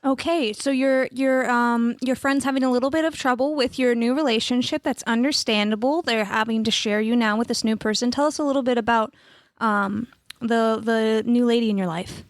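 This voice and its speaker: A chipper advice-show hostess with breezy talk-show patter, played by a woman. Her voice is high and recorded close and dry. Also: steady tone, moderate pace, no room sound, lightly acted. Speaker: host. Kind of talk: improvised comedy sketch.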